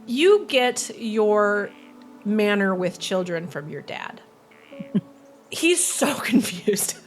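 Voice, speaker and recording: A woman's voice: mid-range voice, sing-song, extremely slow, soft background music. A woman running a tabletop role-playing game as game master, narrating playfully and often laughing.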